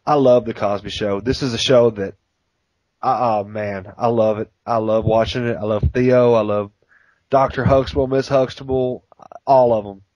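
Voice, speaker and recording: Excitable laughing guy on a lo-fi podcast. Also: mid-range voice, normal speed, no echo. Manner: enthusiastic, laughs often while talking. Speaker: podcast co-host. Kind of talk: casual podcast chat.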